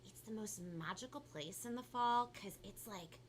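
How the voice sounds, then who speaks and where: A chatty woman from California with a Valley girl accent, hosting a kids' live stream and talking a lot and quickly. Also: medium pitch, slight background noise. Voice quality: talks a lot and fast, bubbly. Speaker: kids' show host.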